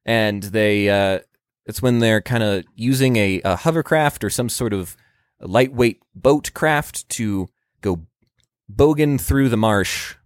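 A man's voice: lowish voice, slow pace, clear, resonant tone, no echo, clean studio sound. A man co-hosting a podcast, telling rambling jokey stories in casual chat. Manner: joking, rambling storyteller. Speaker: podcast co-host.

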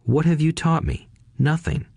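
A man's voice: fairly low pitch, animated, moderate pace, darkish tone, no room sound, clean studio sound. A man putting on an indignant little boy. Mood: upset. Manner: pouting, accusing and whiny. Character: indignant young boy confronting his boss. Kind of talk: audiobook character voice.

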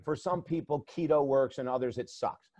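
A man's voice: medium pitch, normal speed, darkish tone, dry recording. A man working as a life coach, telling stories in an interview with energy and emphasis and repeating words as he starts sentences. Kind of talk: interview storytelling.

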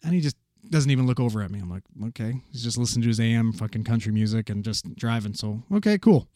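A man casually telling a paramedic story, animated and swearing freely as he acts out the voices of the people in it. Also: on the low side, rapid-fire, dry recording, studio quality.

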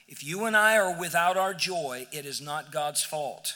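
High, bright-voiced preaching man. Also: expressive, measured pace, few pauses, in a large hall. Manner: emphatic, swinging from near-shouts to hushed lows. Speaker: pastor. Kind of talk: sermon. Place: church sanctuary.

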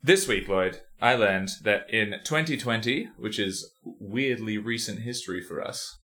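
A man's voice: lowish voice, unhurried, sharp tone. A man co-hosting a podcast in casual chat, joking, rambling and laughing often. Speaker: podcast co-host.

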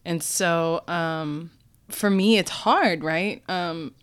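A woman's voice: fairly low pitch, drawn-out words, clear, resonant tone. A Texan woman in her thirties co-hosting a casual chat, talking candidly and thoughtfully. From Texas. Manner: candid, thoughtful, laughs often. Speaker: podcast co-host.

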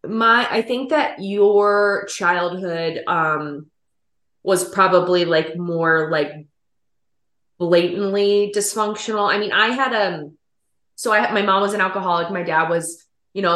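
A woman's voice: lowish voice, fairly even intonation, moderate pace, fairly bright tone, echoey room. A woman hosting a casual podcast, speaking candidly with a laugh and casual swearing. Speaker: podcast host.

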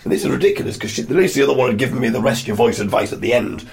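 A hoarse man with a Yorkshire accent who is losing his voice, telling a rambling story with self-mocking asides in a casual spoken diary. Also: medium pitch, racing. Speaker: podcast host.

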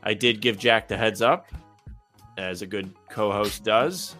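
A man co-hosting a casual sports chat, reacting with quick, dry remarks. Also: lowish voice, pushed and bright, faint music behind. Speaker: co-host of a sports talk stream.

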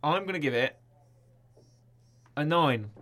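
A man's voice: on the high side, lively intonation, slow pace, fairly bright tone. A man co-hosting a casual film review podcast, playful and teasing, rambling with frequent restarts. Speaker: podcast co-host.

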